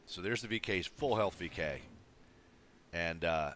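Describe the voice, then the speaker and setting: Deep-voiced laid-back gamer man. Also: unhurried, fairly bright tone, slight background noise. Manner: laid-back, swears freely, mimics teammates. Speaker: gamer commenting on a replay. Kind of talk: casual replay commentary. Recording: game sounds of gunfire and engines behind. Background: tank battle game sounds, artillery fire.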